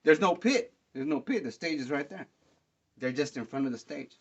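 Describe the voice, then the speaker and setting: A man hosts a podcast and tells his own stories in a loose, rambling way, leaning on fillers and slang. He gets excited as he talks, and his voice sits a bit high for a man. The recording sounds dull and lo-fi. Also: moderate pace, gravelly, breathy edge. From Dallas, Texas. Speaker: podcast host. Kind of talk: casual storytelling monologue.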